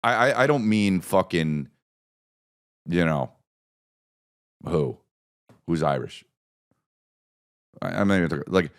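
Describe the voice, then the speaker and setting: Gravelly low-voiced man riffing. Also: animated, a little slow, pauses often. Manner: profane, rambling riffs with repeated bits. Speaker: podcast host. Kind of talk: comedic podcast monologue.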